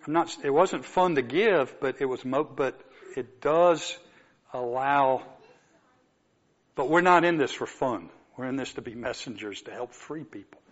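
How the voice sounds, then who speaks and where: A man preaching a sermon, telling a story and moving from soft asides to emphatic exclamations. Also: medium pitch, measured pace, dull audio.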